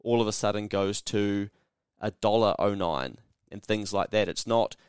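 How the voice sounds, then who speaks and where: Blunt, sweary Kiwi podcast host. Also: male voice, on the low side, moderate pace, clear, resonant tone, dry recording, studio quality. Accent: New Zealand. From New Zealand. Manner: blunt, sweary, sarcastic, acts out mock dialogues. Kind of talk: casual solo podcast monologue.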